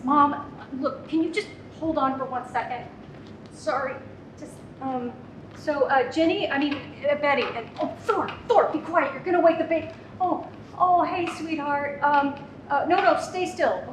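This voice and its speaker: A woman's voice: high voice, natural voice. A middle-aged woman acting a frazzled mom in a live comedy sketch monologue, stammering and restarting as she juggles a phone call, an elderly mother and a toddler. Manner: flustered, stammering, constant restarts and interruptions. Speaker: comedic actor. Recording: roomy, distant, noisy live recording.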